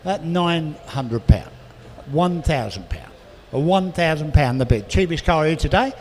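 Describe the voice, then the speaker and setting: Male auctioneer, fairly high voice, rattles off bids with chatty asides, reverberant hall with faint background noise. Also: expressive, darkish tone. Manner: rapid bid calling with chatty asides. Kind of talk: live auction calling.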